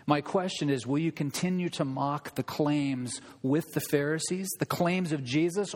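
A man preaching a sermon in a church, emphatic and impassioned, building his points with repetition and rhetorical questions. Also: medium pitch. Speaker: pastor. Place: church sanctuary. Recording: long reverb of a large hall.

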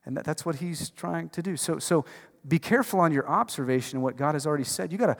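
A man preaching a sermon as pastor, conversational and emphatic, dropping from loud bursts to hushed lines. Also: fairly high pitch, quick pace, vocal fry. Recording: long reverb of a large hall.

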